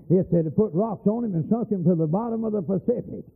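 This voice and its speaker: A man's voice: sits high, fast, vocal fry, slightly rough. An older man preaching a fervent, folksy sermon, telling stories with passion. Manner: impassioned, storytelling, folksy. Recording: tinny lo-fi old tape.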